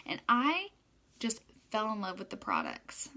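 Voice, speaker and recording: A woman's voice: mid-range voice, wildly swooping pitch, a little slow, sharp tone. A young adult woman, a hairstylist, talking casually to her viewers in a chatty, rambling way with many fillers.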